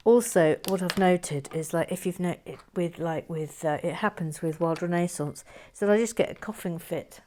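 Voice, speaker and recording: Woman, lowish voice, chatty, self-mocking, drifts into whispers. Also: normal speed, few pauses, dark tone, a little hiss or hum. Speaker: Lego building vlogger. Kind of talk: casual chat while building, reading viewer comments.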